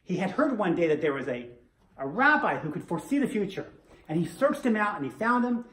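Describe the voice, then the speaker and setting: Joking teacher guy, bouncy lively voice, lots of questions, roomy echo. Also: high voice, fairly quick. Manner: animated, rhetorical questions, playful. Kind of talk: lecture with jokes.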